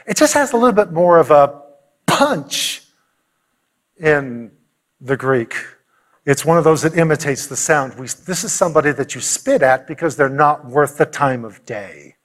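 A man's voice: fairly high pitch, lively intonation, measured pace, a bit bright. A male pastor delivering a sermon, telling a story with animation and acting out the quotes.

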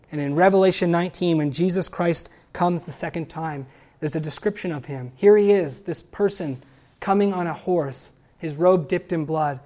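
In a low-sitting voice, a woman preaches a sermon, reading scripture and hymn lines aloud and building up to loud, emphatic exclamations.

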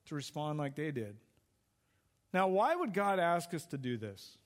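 High-voiced man preaching a sermon. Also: very animated, unhurried. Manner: conversational, asks the congregation questions. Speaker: pastor.

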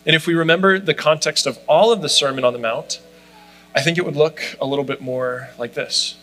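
A man's voice: on the high side, fairly quick, fairly bright tone, low-quality recording. A man preaching a sermon in a conversational way, often saying "like" as he talks. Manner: conversational, frequent "like" fillers. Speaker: pastor.

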